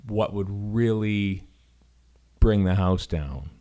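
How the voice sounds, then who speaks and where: A Canadian man co-hosting a podcast, telling an animated story in casual chat with lots of fillers. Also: on the low side, slow. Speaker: podcast co-host.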